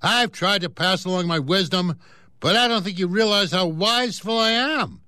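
A man's voice: high-pitched, moderate pace, sharp tone, clean tone, no room sound, clean studio sound. A man voicing a cocky, boastful male cartoon cat from a comic strip, talking in a brash, smug way.

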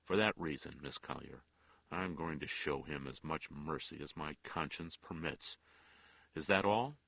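A man's voice: a bass voice, a little slow, vocal fry, dry recording, dull audio, exaggerated voice. An actor voicing a stern older male judge who speaks in an implacable, disagreeable way with a grating voice. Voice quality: grating, harsh.

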